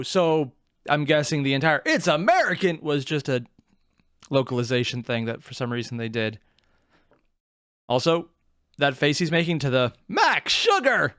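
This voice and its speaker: A man's voice: medium pitch, normal speed, pauses often, clean tone, no echo, clean studio sound. A man hosting a reaction video, talking casually and sarcastically with rambling asides, self-mockery and frequent swearing. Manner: animated and sarcastic, swears freely.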